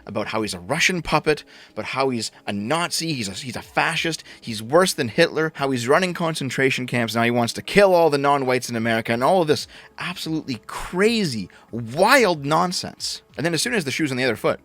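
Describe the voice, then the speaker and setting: A man's voice: mid-range voice, a bit bright. A man ranting as a political commentator, sarcastic and mocking, with frequent swearing.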